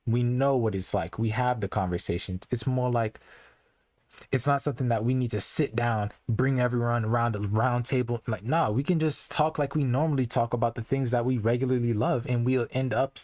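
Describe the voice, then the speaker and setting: A young man talks to his stream chat in a relaxed, earnest ramble, often restarting his sentences and filling gaps with "like". His voice sits at a middle pitch. The recording is dry and close, with almost no room sound. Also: a little fast, no echo. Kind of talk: casual live-stream commentary.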